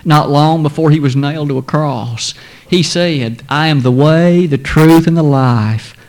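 A man preaching a sermon, quoting scripture in old-fashioned wording, swelling loud and high on key words and dropping to a near whisper. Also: unhurried. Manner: emphatic, swells high then drops to a hush.

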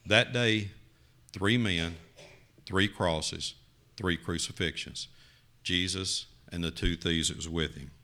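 A man preaching a sermon, telling a story with dramatic rises and quiet drops. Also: takes it slowly. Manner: dramatic, rising to loud emphasis then dropping low.

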